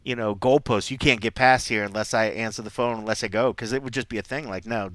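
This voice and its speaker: A middle-aged man co-hosting a podcast, telling rambling, animated stories with asides in casual chat. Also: mid-range voice, fast, few pauses, no echo. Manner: animated storyteller, rambling asides, acts out quotes. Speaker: podcast co-host.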